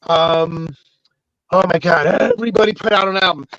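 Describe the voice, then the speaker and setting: A man chatting casually as a co-host, slow and deliberate with chuckles. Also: high voice, animated, bright, forceful tone, no room sound. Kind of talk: casual chat. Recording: dull, dry lo-fi audio.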